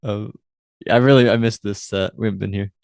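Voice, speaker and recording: A man with a lowish voice co-hosts a casual recap podcast. He rambles loosely, often trails off mid-thought, and slips into playful quotes of characters. His voice sits close and dry, with no room around it. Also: fairly even intonation, fairly quick, gravelly, a little mellow, dry recording. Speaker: podcast co-host.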